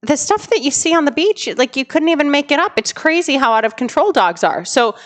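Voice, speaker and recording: A woman co-hosting a casual podcast, telling animated stories and sounding exasperated about careless dog owners. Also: sits high, a little fast. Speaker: podcast co-host, dog trainer.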